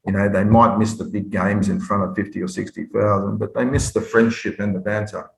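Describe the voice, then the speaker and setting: A man, a former footballer, telling stories in an interview with lively restarts and repeats. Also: on the low side, a little fast, creaky. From Australia. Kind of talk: storytelling interview. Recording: roomy echo.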